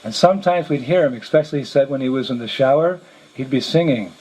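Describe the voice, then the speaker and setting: A man's voice: mid-range voice, fast, low-quality recording. A man, a monk, telling a story to his listeners and acting out the dialogue as he goes. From United States. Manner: lively retelling with acted-out quoted dialogue. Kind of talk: storytelling lecture.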